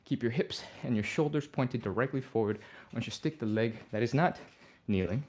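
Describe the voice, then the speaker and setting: A man coaching a live flexibility session, breezy and encouraging as he explains each move. Audible sighs and breaths slip in between his steady, everyday instructions. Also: mid-range voice, fairly quick, a little hiss or hum. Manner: relaxed, upbeat, talks through each move. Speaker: fitness instructor.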